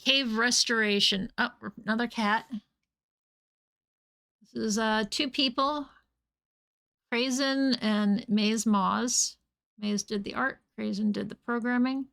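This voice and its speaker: A woman's voice: fairly high pitch, fairly even intonation, takes it slowly, creaky, long pauses, a bit bright. A woman streaming a game live, chatting casually and breaking off to scold and coo at her cats.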